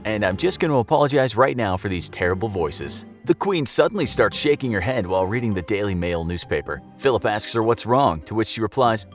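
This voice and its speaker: A low-voiced man reads a scripted explainer narration. He is brisk and wry, with a conversational edge. Faint background music plays under him. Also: lively intonation.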